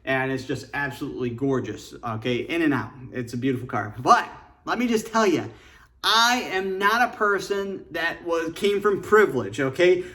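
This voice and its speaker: A man's voice: fairly high pitch, lively intonation, moderate pace, pushed and bright. A middle-aged man from Michigan telling his life story casually and earnestly, rambling with fillers while sitting in his car. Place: inside a parked car.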